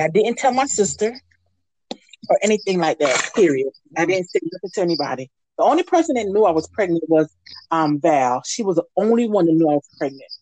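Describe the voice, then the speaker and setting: Woman radio guest, lively candid storyteller, dry close studio mic. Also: lowish voice, no room sound. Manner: lively, animated, acts out quoted voices.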